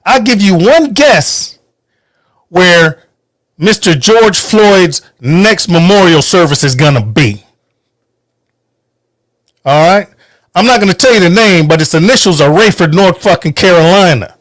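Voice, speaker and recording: A man's voice: high voice, lively intonation, unhurried, long pauses, a bit bright, no echo, studio quality. A man hosting a podcast, giving a heated, profane, emphatic political rant from home. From United States. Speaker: podcast host. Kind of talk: angry political monologue.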